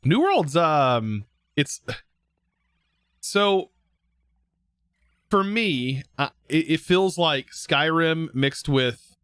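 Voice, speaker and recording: A young man live streaming, chatting casually with viewers in a relaxed, rambling way full of fillers and restarts. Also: fairly high pitch, drawn-out words, pauses often, clear, resonant tone, no echo, studio quality. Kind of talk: casual chat reading viewer comments.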